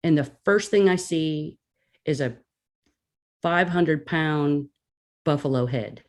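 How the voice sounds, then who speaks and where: Animated woman telling a story. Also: deep voice, slow pace. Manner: animated, acts out her own reactions. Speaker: guest. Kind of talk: casual storytelling.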